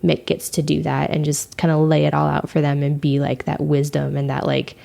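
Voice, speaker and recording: A woman co-hosting a podcast in easy, chatty talk, full of fillers and light laughter. Her voice sits low with a gravelly fry and a mellow, dark tone. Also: monotone, normal speed. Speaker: podcast co-host. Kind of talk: casual chat.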